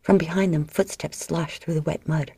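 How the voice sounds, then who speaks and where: A woman reading a novel aloud in steady, measured audiobook narration. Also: deep voice, creaky, husky, no echo.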